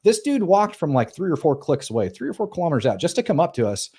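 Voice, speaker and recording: Man telling war stories, animated. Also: fairly high pitch, fast, breathy edge. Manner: animated, profane, acts out quoted voices. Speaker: podcast guest, former Green Beret. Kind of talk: casual storytelling.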